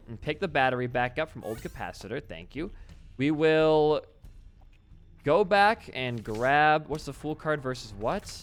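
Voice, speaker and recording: A young man casually commentating his own gameplay, excitable and swearing freely as he talks at the game. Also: a little high. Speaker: gaming channel host.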